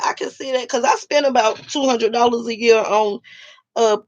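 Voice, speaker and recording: A woman's voice: a little high, steady tone, moderate pace. A woman talking casually with her livestream viewers, blunt and profane. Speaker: livestream host reading chat.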